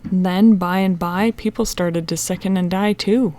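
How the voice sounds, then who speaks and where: Lady reading as stern old-fashioned country woman, low intense voice, spooky warning. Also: fairly even intonation, normal speed, mellow, a little hiss or hum, lightly acted. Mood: ominous.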